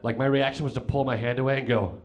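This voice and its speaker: A young man performing stand-up comedy at a club on a handheld mic, rambling through a story with lots of fillers and sudden loud outbursts. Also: medium pitch, steady tone, fast. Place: comedy club stage with audience laughter.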